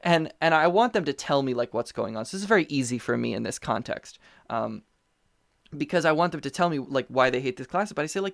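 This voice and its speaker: Casting note: animated conversational guest on a remote call, mid-pitched, dry close sound, restless and rambling. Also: a little fast, no room sound. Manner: animated storyteller, frequent fillers and restarts. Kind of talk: casual conversational chat. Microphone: remote call mic.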